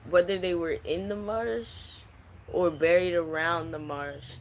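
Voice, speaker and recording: A man in his twenties giving an unscripted psychic reading, speaking slowly in a hushed, halting and emotional way. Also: on the high side, slight background noise. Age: 20s. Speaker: psychic channel host. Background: crickets and insects.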